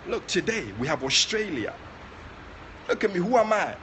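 Ghanaian man preaching with lively pitch. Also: normal speed, slight background noise. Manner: passionate preaching, swings between soft asides and loud exclamations. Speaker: prophet leading online prayer. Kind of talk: sermon.

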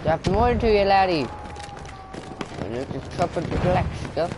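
A jolly Irish mechanic who calls everyone laddie, as a young man puts him on. His voice sits a little high, and the folksy brogue is plainly put on. Loud gameplay noise runs underneath. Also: lively intonation, normal speed. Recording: loud game noise behind.

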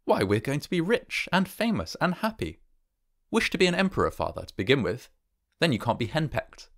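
A man reading the part of a cheeky young man who teases his parents in a mock-excited way. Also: on the high side, a little fast, voice pushed up. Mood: teasing. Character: joking young man, cheeky grown son.

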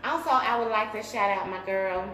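A woman's voice: medium pitch, normal speed. Woman vlogger, chatty and affectionate, roomy echo with music playing behind. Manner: chatty, warm shout-outs, bursts of humming. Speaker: mukbang vlogger. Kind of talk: casual chat to viewers.

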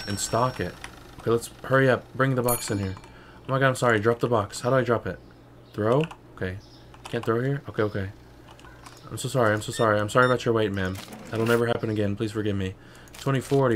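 A man's voice: on the low side, fairly bright tone. Young guy rambling through a game stream, sarcastic, says bro a lot, faint hiss behind. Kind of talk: casual gameplay commentary.

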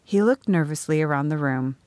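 A woman narrating a first-person audiobook in a measured storytelling manner. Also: deep voice, a little mellow, no room sound.

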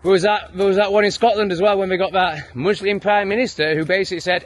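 A man's voice: high voice, steady tone, fast, dry recording. An English man ranting heatedly and swearing a lot in his own opinion vlog. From England. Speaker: vlogger. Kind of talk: profane opinion rant.

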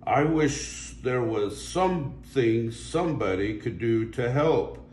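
An older man voicing a huge, slow, apologetic male whale with a booming drawl in a storybook read-aloud. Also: lively intonation, a little mellow, reverberant, a little hiss or hum. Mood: sorry.

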